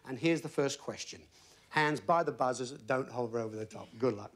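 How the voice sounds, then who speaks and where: A man's voice: mid-range voice, fairly quick, fairly bright tone. A man hosting a TV quiz show, bantering and cracking jokes with the contestants. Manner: jokey, bantering, teasing contestants. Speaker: game show host. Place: TV studio with audience.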